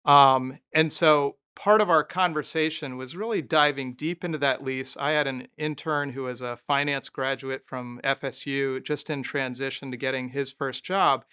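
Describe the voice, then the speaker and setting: A man's voice: medium pitch, fairly even intonation, normal speed, few pauses, bright, forceful tone, clear, resonant tone. A former mayor, a man, telling candid stories as a guest in a conversational interview. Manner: candid, anecdotal, thinking aloud.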